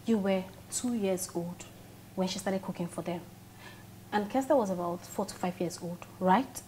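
A woman's voice: mid-range voice, normal speed, mellow, slight background noise, close to an everyday voice. A young woman with a Nigerian accent playing a level-headed best friend who talks casually and reasons things out. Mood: reasoning.

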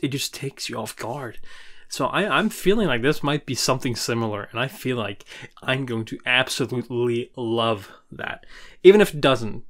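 Excitable reaction host, casual swearing and frequent laughter, middle-pitched voice.

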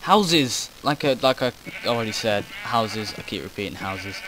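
A man's voice: lowish voice, moderate pace, low-quality recording. Rambling man commentating a game. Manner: meandering, self-interrupting, casual swearing. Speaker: gaming commentator.

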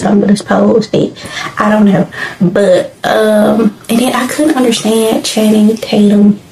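A woman's voice: medium pitch, creaky, dark tone, roomy sound, slight background noise, rough recording. A woman hosting a casual movie reaction, talking in a rambling, candid way with everyday slang. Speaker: movie review host.

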